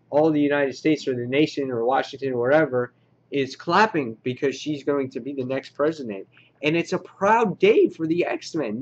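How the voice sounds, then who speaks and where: A man's voice: a little high, highs cut off. A man casually reviewing a comic book, enthusiastic and rambling with lots of filler words.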